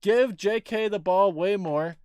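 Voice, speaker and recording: A young man hosting a casual livestream, rambling excitedly about a game he just watched and swearing casually. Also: sits high, unhurried, smooth, no room sound, clean studio sound. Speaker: livestream host and sports fan.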